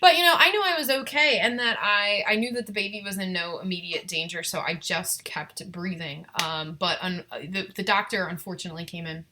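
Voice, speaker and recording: Young woman, live-stream vlogger; bright tone, candid, reflective storytelling with frequent fillers. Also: fairly low pitch, brisk, hardly any pauses, a little hiss or hum. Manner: candid, reflective, many ums and restarts.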